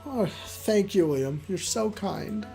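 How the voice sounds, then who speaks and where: A shy young woman coworker, soft-spoken and unsure, hedging every request as a streamer reads her lines. The voice rises and falls a lot. Faint game music hums underneath. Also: medium pitch, animated, slow, creaky, voice pushed up. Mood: gentle. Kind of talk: reading a visual novel aloud.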